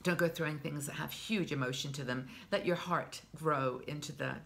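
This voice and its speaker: A woman in her sixties with a low voice and a gravelly touch of fry, talking straight to camera as a vlog host. She is chatty and heartfelt, often starting a phrase over as she goes. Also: moderate pace, fairly bright tone. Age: 60s. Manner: chatty and heartfelt, with frequent restarts. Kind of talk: casual advice talk to camera.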